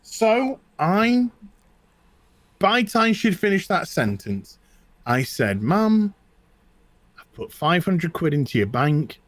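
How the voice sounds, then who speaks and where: A man's voice: sits high, slow pace, pauses often, no echo. A middle-aged British man in casual chat, telling personal stories with lots of restarts and repetition. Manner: animated, repeats himself, tells stories. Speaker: co-host.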